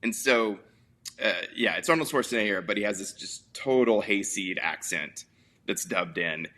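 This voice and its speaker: A man's voice: fairly low pitch, moderate pace, bright, forceful tone. A man hosting a casual movie review podcast, telling stories in a rambling way with lots of fillers. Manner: rambling, filler-heavy storytelling. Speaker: podcast host.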